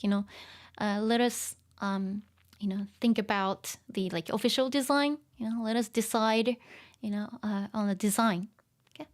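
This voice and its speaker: A woman's voice: fairly high pitch, a little mellow. A woman giving a casual online language lesson, chatty and full of fillers and small laughs. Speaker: language teacher.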